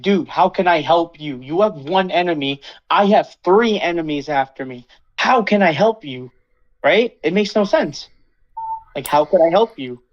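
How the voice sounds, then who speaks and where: A man's voice: sits high, dull audio. A young man hosting a casual podcast, ranting with lots of swearing and acting out what others said. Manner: animated swearing rant, acts out quotes. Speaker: podcast host. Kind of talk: casual chat.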